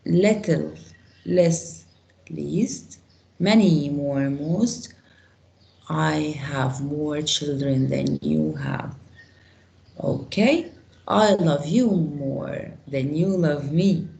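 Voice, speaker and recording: A woman teaching an English grammar class online, explaining with slow example sentences and quizzing students. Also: low voice, creaky, warm tone.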